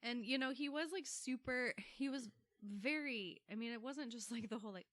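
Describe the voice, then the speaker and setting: A chatty woman co-hosting a podcast, with a bright, forceful voice. She laughs easily and acts out the people in her anecdotes. The recording is close and dry. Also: fairly high pitch, moderate pace, no echo. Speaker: podcast co-host. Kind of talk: casual chat and dramatic poem reading.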